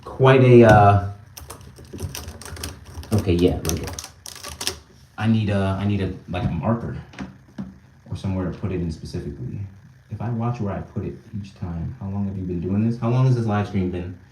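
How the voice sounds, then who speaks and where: A man's voice: low voice, normal speed, pauses often, dark tone, echoey room, recorded from a distance, slight background noise. Joking young man streaming live. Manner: banters with chat, reads comments aloud, laughs often. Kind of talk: casual live stream chat. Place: indoors at home, small room.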